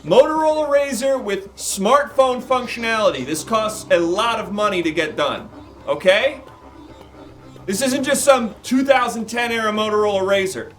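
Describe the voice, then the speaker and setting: A man plays a brash, foul-mouthed golfer who mutters irritably and snaps back, his voice sitting a little high for a man. Faint music plays underneath. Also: unhurried, fairly bright tone. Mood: boastful. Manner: brash and profane, low mutter. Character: rude male golfer, ex-CIA contractor, brash. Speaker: comedy performer. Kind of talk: improvised live comedy.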